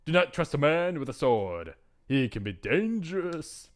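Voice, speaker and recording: Man playing controlling mother, low cautioning tone, animated phrasing. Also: unhurried. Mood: possessive. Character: possessive, secretive mother warning her daughter.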